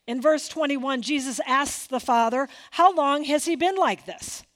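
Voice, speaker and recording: A woman's voice: high-pitched, measured pace, a bit bright. A woman preaching a sermon, acting out quoted dialogue with big swings and dropping to near whispers. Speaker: pastor.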